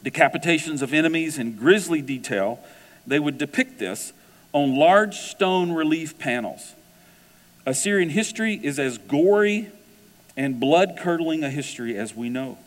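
A man's voice: on the high side, moderate pace. Guy preaching a sermon, chatty storytelling, big echoey hall sound. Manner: storytelling, animated and conversational. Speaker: pastor.

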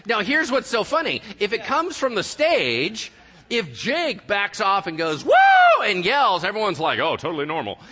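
A male pastor preaching a sermon in a church, animated and joking with his congregation. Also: high voice, moderate pace, noisy background. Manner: animated, jokey, talks to the congregation. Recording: live church hall with long reverb.

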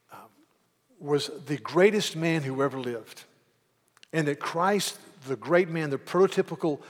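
Emphatic preaching man, long church reverb. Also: a little high. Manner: emphatic, slows to stress key words, repeats words when starting sentences. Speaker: pastor. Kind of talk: sermon. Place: church sanctuary.

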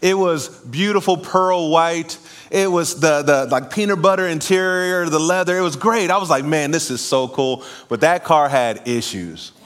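A man preaching a sermon in church, telling a lively personal story with laughter before calling the congregation to respond. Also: fairly high pitch, normal speed. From California. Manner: animated storytelling, laughing at himself, then preaching and calling for amens. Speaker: pastor. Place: church sanctuary.

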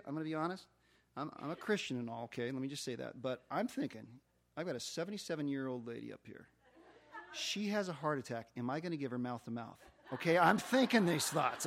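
A middle-aged man preaching as a pastor, telling a story and acting out the dialogue. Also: mid-range voice. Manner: animated storyteller, acts out dialogue. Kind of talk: sermon storytelling.

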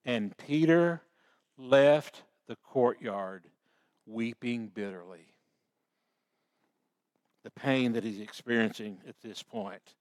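Slow folksy preacher man. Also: mid-range voice, darkish tone. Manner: folksy storytelling with baseball analogies. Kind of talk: sermon.

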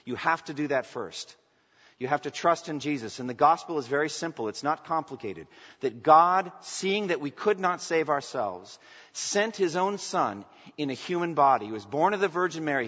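A male pastor with a husky, breathy edge preaches a sermon, swinging between loud emphatic lines and quiet asides. His voice rings with a long reverb, as if in a large church hall, and the recording sounds dull and lo-fi. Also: fairly high pitch.

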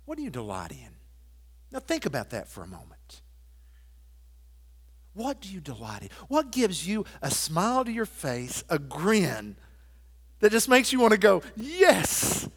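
A man preaching a sermon, quoting scripture and hymn lines and moving from loud emphatic declarations to soft, intimate asides. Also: sits high, wildly swooping pitch, unhurried, pauses often, slightly rough. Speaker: pastor.

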